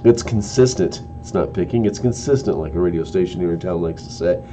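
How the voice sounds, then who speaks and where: A man's voice: sits low, lively intonation, fairly quick, dark tone, faint music behind, rough recording. A man hosting a live-streamed sports opinion show, ranting with heated, exasperated outbursts and mild cursing.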